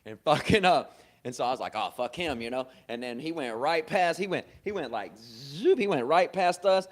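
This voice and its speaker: Dude on a podcast swearing a lot, telling stories, laughs and gets loud in bursts. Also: male voice, fairly high pitch, a little fast. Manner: loose, swearing, laughs often, animated bursts. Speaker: podcast host. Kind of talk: casual profane storytelling. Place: comedy club.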